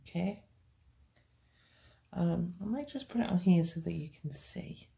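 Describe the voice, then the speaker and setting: A woman's voice: lowish voice, animated, measured pace, vocal fry, warm tone. A woman teaching a beginners' cake decorating tutorial, chatty and reassuring. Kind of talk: hands-on baking tutorial.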